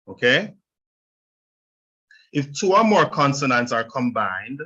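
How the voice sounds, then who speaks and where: Bright-voiced Jamaican man teaching Spanish. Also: medium pitch, muffled recording. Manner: explains step by step, checks in with "right?". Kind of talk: online language lesson.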